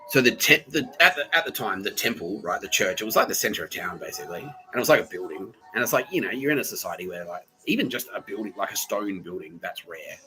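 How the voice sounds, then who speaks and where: A man's voice: sits low, lively intonation, fast, hardly any pauses, pushed and bright, poor audio. A man hosting a podcast, talking in a rambling, profane comedic monologue full of fillers and restarts. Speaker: podcast host.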